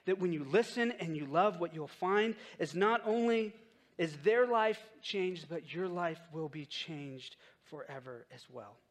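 A man's voice: on the high side, animated, unhurried. A man preaching a sermon in a casual storytelling way, acting out the quotes in his stories. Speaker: pastor.

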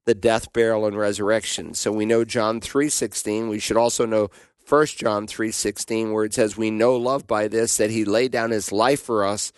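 A man's voice: medium pitch, dry recording, clean studio sound. A man teaching the Bible on a radio call-in show, answering questions in an emphatic, preaching manner.

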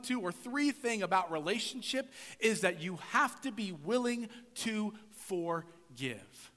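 A pastor delivers a conversational sermon, often tossing rhetorical questions to his listeners. This man's voice sits high and moves animatedly through a wide pitch range, and the sound trails off into the long reverb of a large hall. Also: sharp tone. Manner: conversational preaching with frequent rhetorical "right?".

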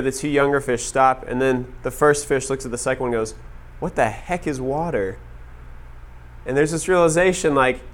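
Man, middle-pitched voice, casual storyteller, lots of filler words, speaking to a crowd. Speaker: speaker addressing an audience. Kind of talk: storytelling talk to a live audience.

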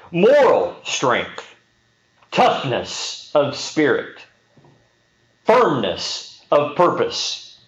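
Animated man telling a story in a sermon. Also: mid-range voice. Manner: animated storyteller, speeds up in action. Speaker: pastor. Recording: roomy, slightly dull sound.

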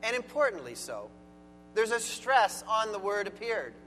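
Bright-voiced man preaching in a reverberant hall. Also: high-pitched, sing-song, moderate pace, slight background noise. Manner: earnest, emphatic preaching with rising stress on key words. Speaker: pastor. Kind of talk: sermon. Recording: long hall reverb with faint music.

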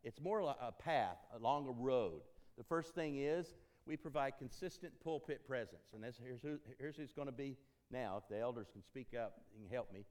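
A man from Tennessee talks to a church congregation about finding a new preacher. He speaks in a folksy, joking way and drives his points home by repeating key phrases. His voice sits at an ordinary middle pitch. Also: animated, normal speed, hardly any pauses, darkish tone. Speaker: interim ministry consultant. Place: church sanctuary.

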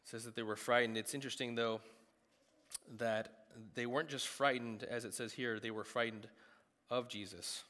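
A man preaching a sermon in a conversational, animated way, with quick asides. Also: medium pitch. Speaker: pastor. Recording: long hall reverb.

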